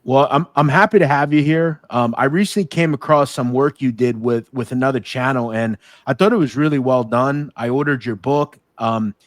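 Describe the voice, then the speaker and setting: A man's voice: medium pitch, normal speed, few pauses, dry recording. Upbeat man hosting an interview podcast. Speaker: podcast host. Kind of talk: interview show intro and questions.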